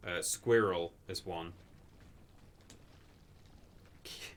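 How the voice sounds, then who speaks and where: A young man with a lowish voice chats casually while streaming a game. He rambles, talks himself down and answers his chat aloud. A faint hiss of noise sits under the recording. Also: expressive, moderate pace, fairly bright tone. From England. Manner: chatty, rambling, self-deprecating, reads chat aloud.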